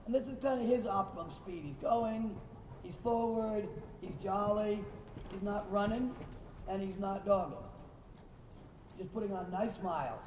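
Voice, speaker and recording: In a riding arena, a man teaching a lesson praises the horses and corrects his riders in a high, darkish voice at a slightly slow pace. The recorder sat far from him, leaving a distant, echoey, dull sound with a little hiss or hum.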